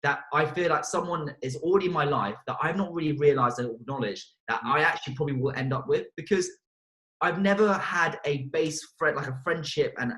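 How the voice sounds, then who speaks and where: A man's voice: medium pitch, a bit bright, low-quality recording. A man reflecting thoughtfully in a casual chat. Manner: reflective, musing.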